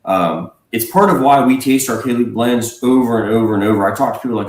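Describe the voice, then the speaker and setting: A man, a whiskey blender, speaking casually as a livestream guest, relaxed and rambling with fillers and restarts. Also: fairly low pitch, quick pace, few pauses, reverberant, rough recording. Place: home.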